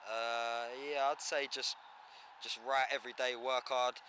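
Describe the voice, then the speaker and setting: A man's voice: mid-range voice, level tone, measured pace, pushed and bright. A man with an Essex English accent, a rapper talking casually in an outdoor interview, laid-back and full of slang and swearing. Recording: faint street noise.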